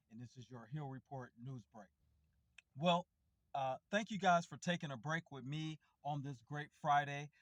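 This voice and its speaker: A man's voice: on the high side, dry recording. Breezy sardonic male news host, dry sound. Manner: breezy, sardonic, filler-heavy. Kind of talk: casual news break.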